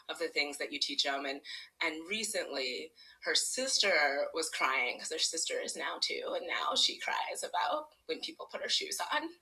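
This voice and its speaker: A woman's voice: low-pitched, bright, forceful tone, low-quality recording. A woman in her thirties telling a personal story on stage, chatty and self-deprecating, laughing often and filling with "like". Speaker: storyteller, parent and educator.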